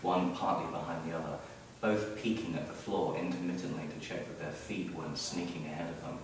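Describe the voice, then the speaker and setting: A man reading his own story aloud at a live event, wry and expressive, building up the action. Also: low-pitched, brisk, slight background noise. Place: event hall, heard from the audience area. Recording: very echoey hall, mic far off.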